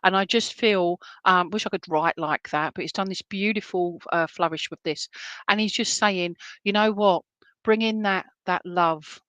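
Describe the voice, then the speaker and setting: A chatty woman working as a medium, talking reassuringly through a live online reading. Her voice sits at an ordinary middle pitch. She drops into soft whispered asides now and then, and the sound is close and dry with no room echo. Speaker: spiritualist medium.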